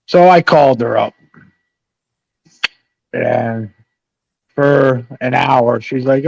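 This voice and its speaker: A man's voice: medium pitch, extremely slow, vocal fry, long pauses, a little mellow, dry recording, muffled recording. A middle-aged man telling a rambling, profane story on a live chat panel.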